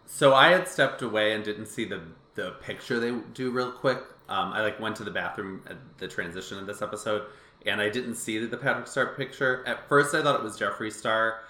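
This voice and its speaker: A man's voice: fairly low pitch, a little fast, sharp tone, reverberant. A man hosting a casual podcast chat, rambling and correcting himself as he goes. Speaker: podcast host.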